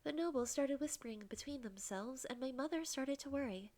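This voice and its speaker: Soft, breathy young woman narrating. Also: sits high, expressive, fairly quick. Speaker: game streamer. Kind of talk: first-person visual novel narration.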